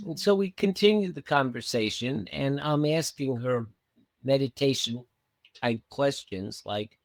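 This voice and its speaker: A man's voice: mid-range voice, unhurried, dry recording. A man who works as a meditation coach, telling a story in conversation and acting out the lines of the people in it. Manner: animated, acts out quoted dialogue.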